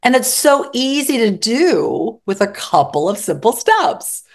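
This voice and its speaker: A woman therapist speaking as an interview guest, expressive and acting out her examples vividly. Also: fairly high pitch, unhurried. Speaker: psychotherapist guest. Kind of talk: interview conversation.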